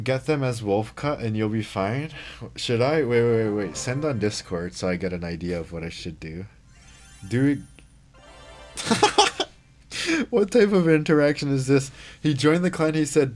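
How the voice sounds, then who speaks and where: A man's voice: lowish voice, darkish tone. A young man livestreaming a mobile game, chatting casually, reading chat and reacting to plays.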